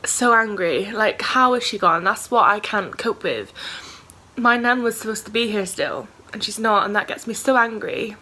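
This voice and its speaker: Bright-voiced woman, candid vlogger. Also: medium pitch, normal speed. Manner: candid, rambling, many fillers. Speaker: writer vlogger. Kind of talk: casual vlog talk.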